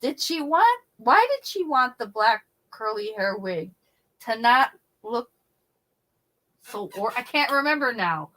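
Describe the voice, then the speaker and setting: A woman's voice: on the high side, very animated, a little slow, a bit bright. Middle-aged woman, livestream host, casual chatty storyteller who laughs a lot. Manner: chatty, laughs often, acts out quoted voices. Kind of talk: casual chat.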